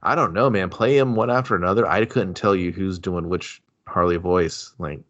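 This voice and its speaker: A man's voice: deep voice, moderate pace, fairly bright tone. A man co-hosting a podcast, joking and riffing on scene ideas in casual movie chat. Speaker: podcast co-host. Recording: dull lo-fi sound.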